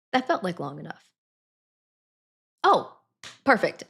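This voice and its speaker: A woman's voice: medium pitch, sing-song, measured pace, long pauses, fairly bright tone, slightly rough. A woman chatting casually to her live stream audience, giggling between sentences. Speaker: Twitch streamer.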